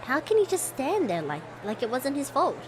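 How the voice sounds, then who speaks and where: A woman's voice: sits high, huge pitch swings, normal speed. A young woman streaming a game from home, chatting expressively and reacting, with a scratchy throat from coughing. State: coughing, something stuck in her throat. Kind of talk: casual live-stream commentary. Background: background music.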